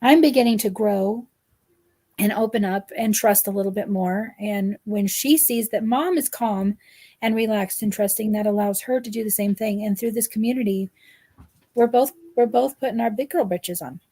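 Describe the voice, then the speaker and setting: Woman guest, earnest and emotional, mellow tone, talks as a protective mom. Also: medium pitch, moderate pace, slightly rough. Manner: earnest, emotional, repeats herself. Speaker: guest parent. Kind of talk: heartfelt live-stream chat.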